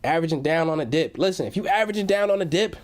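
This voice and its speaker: A man's voice: fairly high pitch, lively intonation, rapid-fire. Hyped young man hosting a livestream. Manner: hyped, slangy, reads chat messages aloud. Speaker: livestream host. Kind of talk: casual livestream chat. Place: at home.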